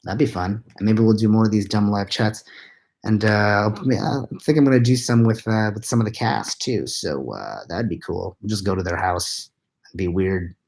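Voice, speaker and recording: A tired man, likely in his thirties, answering live chat questions into a laptop at home at night, keeping his voice hushed and rambling with quiet self-mocking laughs. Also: lowish voice, moderate pace, gravelly. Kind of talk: late-night live chat Q&A, half-whispered. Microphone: laptop mic.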